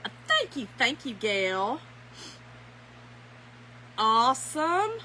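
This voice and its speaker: A woman's voice: on the high side, sing-song, extremely slow, pushed and bright, a little hiss or hum, rough recording. A middle-aged woman, hosting a casual craft livestream from home, greeting viewers by name and laughing often.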